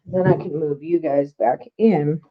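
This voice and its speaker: A woman's voice: low voice, fairly even intonation, a little slow, dull audio. Chatty woman hosting a betting stream. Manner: chatty and loose, talking to viewers and co-hosts. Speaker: sports betting show host. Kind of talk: casual live-stream chat.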